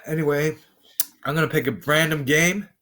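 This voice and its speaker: A man's voice: on the high side, fairly even intonation, moderate pace, bright, forceful tone. A young man from the US in a casual home vlog, chatting and rambling to viewers from his bedroom. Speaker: vlogger.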